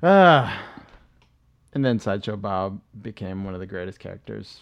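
Mid-man in his forties, lowish voice, loose profane podcast storyteller. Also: animated, moderate pace, creaky. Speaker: podcast co-host. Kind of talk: casual chat.

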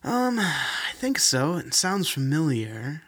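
A man's voice: medium pitch, lively intonation, a little fast, vocal fry, fairly bright tone. A man voicing a scruffy young lab technician who talks vaguely and hesitantly. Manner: vague and hesitant, then defensive.

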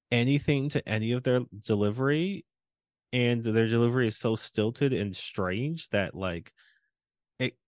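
A man's voice: medium pitch, no room sound, clean studio sound. A man co-hosting a casual movie review podcast, mocking line readings and laughing often. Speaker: podcast co-host.

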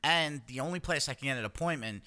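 Man, podcast co-host, bright tone, loose profane storyteller. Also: a little high, fast talker. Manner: swearing, animated storytelling with acted-out quotes. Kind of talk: casual chat.

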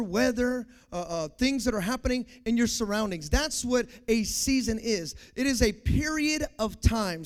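A young man preaching a sermon to a congregation, repeating key phrases, calling for responses and swinging from quiet talk to shouts. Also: sits high. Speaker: pastor.

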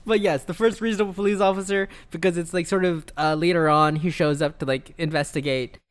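A man's voice: fairly high pitch, steady tone, a little fast. A man co-hosting a podcast who recaps a show in casual chat, giggling often and acting out characters' lines. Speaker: podcast co-host.

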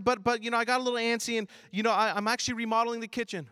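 A man in his thirties preaching a sermon, moving between loud emphatic lines and quiet low asides. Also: fairly even intonation, very fast, few pauses, smooth, dry recording, studio quality. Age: 30s. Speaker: pastor.

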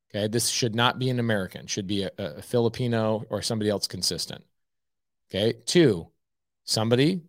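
A man's voice: on the low side, no room sound, clean studio sound. A man hosting a live stream, giving blunt, emphatic coaching advice and saying "okay" often. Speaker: host.

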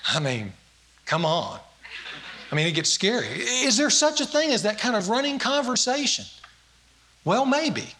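A man's voice: sits high, very animated, measured pace, pauses often, pushed and bright. A man preaching a sermon, telling stories with acted-out quotes and swelling, emphatic delivery.

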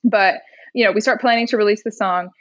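A songwriter and rapper in her twenties from Indiana appears as a podcast guest, telling a story in casual chat. She acts out the voices of the people she quotes and laughs often. Her mid-range voice moves fast, with no room sound on a muffled recording.

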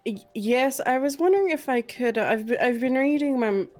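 A woman's voice: sits high, lively intonation, a little fast, a little mellow, soft background music. A woman playing a tabletop game, speaking hesitantly with stammers and restarts. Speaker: player. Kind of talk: in-character tabletop role-play.

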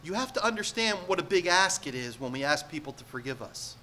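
A man's voice: on the high side, sing-song, fairly quick, sharp tone, a little hiss or hum. A man preaching a sermon to a congregation, earnest and emphatic, asking the room rhetorical questions. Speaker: pastor.

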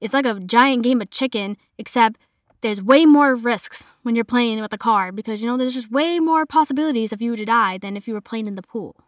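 A woman's voice: a little high, fairly quick, dry recording, clean studio sound. A young woman from Massachusetts with a mild Boston accent, chatting casually as a podcast host, full of "like" fillers. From Massachusetts, north of Boston. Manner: chatty, bubbly, lots of "like" fillers. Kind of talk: casual solo podcast chat.

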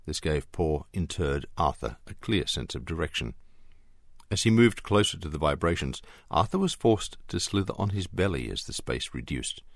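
A man reading an audiobook in a measured, expressive scripted narration. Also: rumbling low, vocal fry, no echo, clean studio sound.

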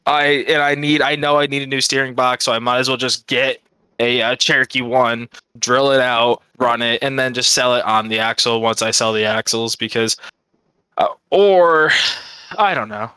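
A man co-hosting a podcast, rambling and thinking out loud in casual chat, swearing freely. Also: medium pitch, level tone, normal speed, clear, resonant tone, dry recording. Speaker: podcast co-host.

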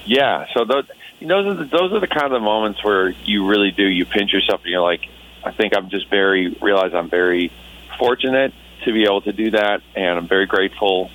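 A man's voice: lowish voice, fairly quick, fairly bright tone, low-quality recording. A man in his thirties, a Christian musician being interviewed, talking in an earnest, reflective way with many restarts. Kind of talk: casual radio interview.

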